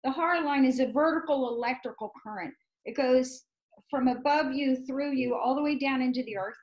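A woman's voice: high voice, fairly quick, rough recording. A woman hosting an interview as a medical intuitive healer, explaining step by step and often checking in with "right?". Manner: explanatory, keeps asking "right?".

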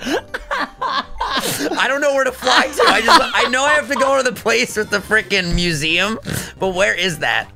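A young man giving casual gameplay commentary as a co-host, excitable and teasing, laughing often. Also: high voice, normal speed, creaky, music in the background. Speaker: co-host of a gaming series.

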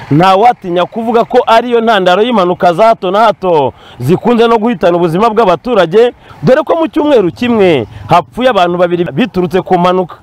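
A man delivering a field news report in a rapid, formal way. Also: high voice.

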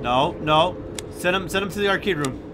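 A young man giving gameplay commentary, swinging from hushed muttering to loud, sweary shouting. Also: fairly high pitch, lively intonation, moderate pace, noisy background. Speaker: gaming YouTuber.

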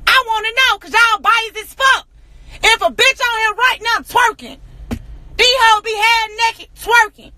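A woman in an angry, profane rant to camera, hammering rhetorical questions and often shouting. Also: extremely high pitch, unhurried, no echo. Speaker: social media personality.

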